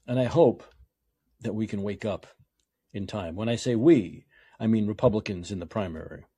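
A man hosts a political talk show, giving a sarcastic, opinionated monologue that lurches from yelling to quiet muttering. His voice is lowish and husky, at a normal speed.

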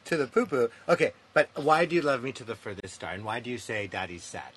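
Gentle, lively-voiced podcast host dad. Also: male voice, medium pitch, quick pace, slightly rough. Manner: gentle, patient, affectionate with his toddler. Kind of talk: casual interview podcast.

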